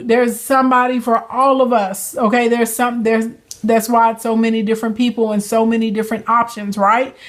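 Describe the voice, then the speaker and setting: A young woman with a slightly high voice talks to her viewers on a phone livestream. She is sassy and chatty, coaching them with plenty of laughs. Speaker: livestream host and business coach. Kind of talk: casual livestream chat with viewers.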